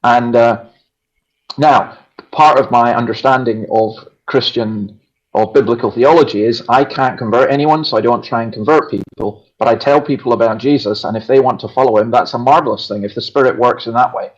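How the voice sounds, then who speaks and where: The speaker, a pastor and regular on the show, has a Scottish accent and a mid-range voice at a moderate pace. In a conversational religious discussion he is earnest and emphatic, often restarting sentences. Sound quality is dull and lo-fi.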